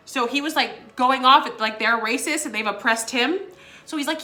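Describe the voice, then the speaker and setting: Young woman vlogger, giggly storyteller, higher pitch, bright tone. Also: normal speed. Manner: giggly, laughs between phrases, many fillers. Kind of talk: casual storytime chat.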